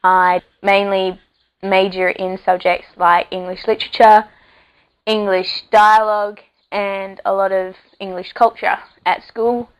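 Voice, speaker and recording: A woman's voice: medium pitch, level tone, a little slow, clear, resonant tone, poor audio. A seventeen-year-old girl with a Western Australian accent, talking loosely about herself with lots of fillers. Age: teens. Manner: chatty, loose, many fillers and likes. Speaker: student speaker. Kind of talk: casual spoken monologue.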